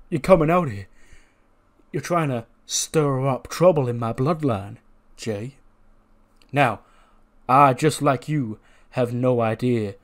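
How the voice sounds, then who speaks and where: A man voicing a domineering male wrestling champion who speaks in a measured, condescending way. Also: medium pitch, lightly acted. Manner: measured and condescending, with repeated "you know". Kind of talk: mock wrestling promo.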